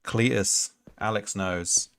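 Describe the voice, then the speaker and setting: Gravelly-voiced male game streamer. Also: on the low side, fairly even intonation, slow, fairly bright tone. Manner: rambling, thinks aloud with many fillers. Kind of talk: casual let's-play commentary.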